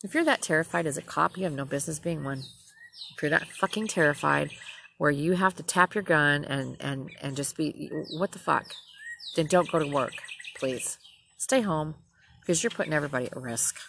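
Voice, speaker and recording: A woman's voice: deep voice, normal speed, gravelly, fairly bright tone, a little hiss or hum. A middle-aged woman, a nurse, bluntly ranting and telling a story in a profane personal vlog.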